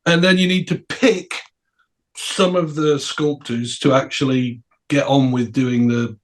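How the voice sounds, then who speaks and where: A middle-aged man, a podcast guest, telling anecdotes in an animated way with laughs and repeated words. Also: medium pitch, measured pace. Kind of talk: anecdotal storytelling.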